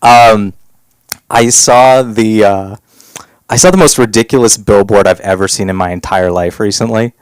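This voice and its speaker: A young man performing a stand-up comedy set on a club stage, rambling with fillers and jumping into loud, high bits. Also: moderate pace, clean tone, no echo.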